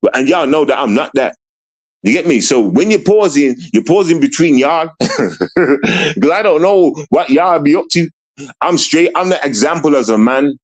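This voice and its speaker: A man's voice: on the high side, animated, moderate pace, poor audio. A man livestreaming, ranting at his chat in a profane, confrontational way, rambling and restarting his sentences. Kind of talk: live stream rant at chat.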